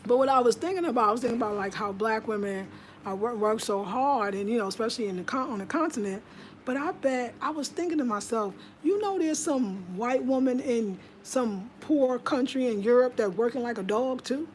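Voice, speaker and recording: In a relaxed home monologue, an American vlogger in middle age speaks at a fairly quick clip with a fairly high pitch. She's emphatic and talkative, acting out voices when quoting others. A faint hiss or hum can be heard.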